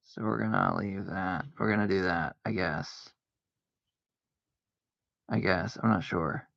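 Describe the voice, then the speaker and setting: A man's voice: low-pitched, takes it slowly, vocal fry, fairly bright tone, no echo. A man streaming a solitaire game, talking to himself in casual commentary and arguing with himself, with mock-scared outbursts. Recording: dull lo-fi dry sound.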